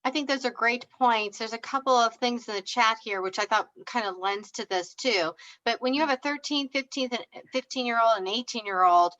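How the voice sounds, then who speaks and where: A woman moderator passes on questions from the chat. She talks conversationally and halts now and then. Her somewhat high voice comes through dull, lo-fi call audio. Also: normal speed, few pauses, a bit bright.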